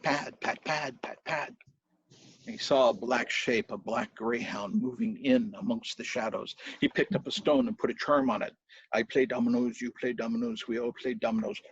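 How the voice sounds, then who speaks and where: Brief: lively male folk storyteller, husky, dull dry sound. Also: medium pitch, normal speed. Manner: animated, with spoken sound effects. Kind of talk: live folk tale storytelling.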